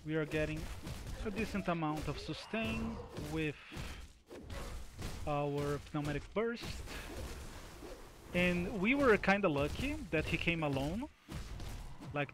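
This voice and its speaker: A slightly high-voiced man gives loose live commentary while he plays a game. He rambles, teases himself and says things twice. A steady hiss and game ambience sit behind him. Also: unhurried. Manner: chatty, self-mocking, repeats himself. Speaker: game streamer. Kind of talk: live gameplay commentary talking to chat.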